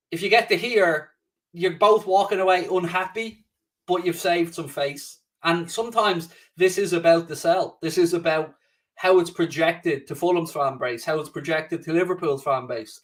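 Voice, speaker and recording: A man's voice: fairly high pitch, a bit bright, far from the mic. A man hosting a casual live stream at home, chatting loosely, swearing freely and reading out viewer comments. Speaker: livestream host. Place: home studio.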